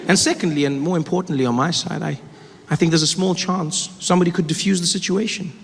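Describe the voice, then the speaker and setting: A man's voice: fairly high pitch, fairly even intonation, fast, creaky, slightly rough. A male stand-up comedian telling a self-mocking story in a conversational way, with stammered restarts, on stage before a live audience. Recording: reverberant live hall, laughing crowd, noise.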